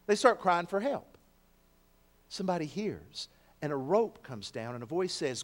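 A male pastor preaching a sermon in a high-pitched voice. He tells stories conversationally, then builds to emphatic declarations. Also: sing-song, unhurried, in a large hall.

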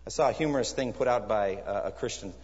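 A man's voice: fairly low pitch, fast talker, a little mellow. A man preaching a sermon in an earnest, emphatic way, pressing his listeners with searching questions. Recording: echoey hall, dull lo-fi sound.

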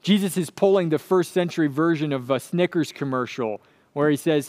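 Earnest, emphatic male preacher, higher voice. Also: brisk, a little mellow. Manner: earnest, emphatic, repeats key phrases. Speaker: pastor. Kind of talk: sermon.

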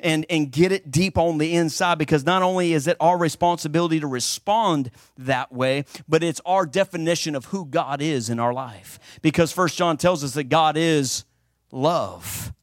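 A man preaching a sermon with fervent emphasis, swinging between loud declarations and hushed passages. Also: fairly high pitch, moderate pace, dry recording, studio quality.

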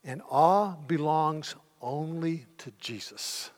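A middle-aged man, a pastor, gives a sermon in a church sanctuary with a slightly high voice at a slow pace. His storytelling is animated, and he shifts into the voices of the people as he retells each scene. The recording has long hall reverb.

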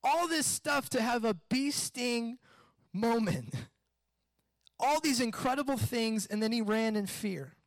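A high-pitched man delivers a sermon in an animated storytelling way, slipping into acted-out voices. The recording is dry and close, with no room sound. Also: slow, dry recording. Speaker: pastor.

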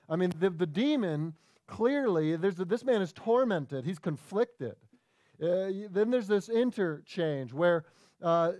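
A man delivers a sermon with lively, conversational energy, breaking off into quick asides and restarting his thoughts. His voice sits a little on the high side. The sound is close and dry, with no room around it. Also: no room sound. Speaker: pastor.

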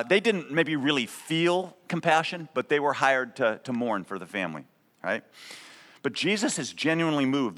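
A man's voice: mid-range voice, fairly bright tone. A man preaching a sermon as pastor, conversational and emphatic, often checking in with a "right?". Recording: long reverb of a large hall.

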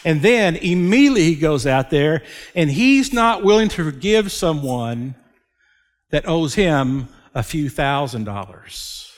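A man preaching a sermon as a pastor, slow and emphatic, with dramatic pauses. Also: on the high side, animated. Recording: long hall reverb.

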